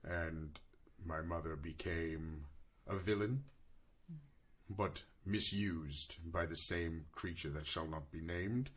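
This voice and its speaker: Deep husky man telling a grave backstory. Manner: slow, grave storytelling in character, breaking into laughter. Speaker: player voicing his character. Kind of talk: in-character tabletop role-play.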